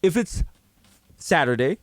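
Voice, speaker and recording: Animated New man, dry close sound. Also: fairly high pitch, a little slow, no room sound. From the Bronx, New York. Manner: animated, slips into exaggerated quoted voices. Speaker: podcast co-host. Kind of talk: casual comedic banter. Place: home.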